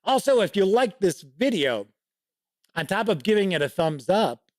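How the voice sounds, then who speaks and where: A man's voice: high-pitched, sing-song, moderate pace, a little mellow, no room sound, clean studio sound. A man hosting a casual livestream show, rambling with many asides and reading out viewer chat comments. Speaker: show host.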